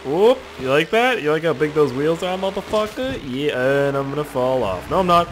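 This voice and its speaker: A young man casually commentating a video game, swearing often and joking loudly. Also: a little high, moderate pace, hardly any pauses, a little hiss or hum. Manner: profane, goofy, excitable. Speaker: gaming YouTuber. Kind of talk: casual let's-play commentary.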